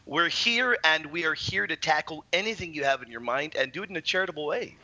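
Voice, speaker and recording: A man's voice: a little high, fast, hardly any pauses, pushed and bright, highs cut off. A man guesting on a radio show, explaining his faith confidently and energetically. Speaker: guest apologist. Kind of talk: explaining and debating.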